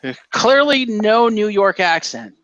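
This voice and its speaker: A man's voice: sits high, big pitch swings, unhurried, fairly bright tone, no room sound, dull audio. A man co-hosting a casual podcast, talking and joking about wrestling. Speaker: podcast co-host.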